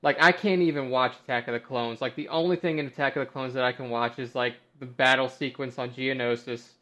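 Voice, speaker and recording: A man's voice: mid-range voice, fairly even intonation, a little fast, a bit bright. A man in casual chat, rambling with lots of "you know" and "like". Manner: rambling, filler-heavy talk.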